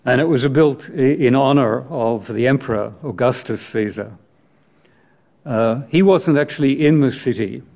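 A man's voice: mid-range voice, normal speed, creaky, darkish tone. A man preaching a sermon on scripture, reflective and explaining the text, asking his listeners direct questions.

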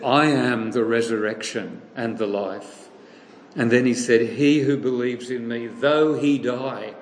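A man preaching a sermon, retelling a story in a lively way and acting out the voices he quotes. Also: mid-range voice, roomy sound, slight background noise, rough recording.

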